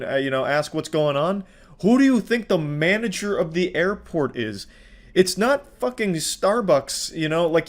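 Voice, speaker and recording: A man casually commenting on videos in a sarcastic, profane, deadpan way. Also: high-pitched. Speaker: online commentator.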